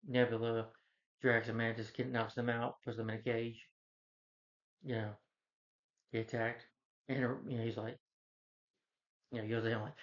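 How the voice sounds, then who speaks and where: A man's voice: mid-range voice, fairly bright tone. A man at home recapping a film's plot in a loose, rambling way, full of "you know" and restarts. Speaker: movie reviewer. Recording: dull lo-fi sound.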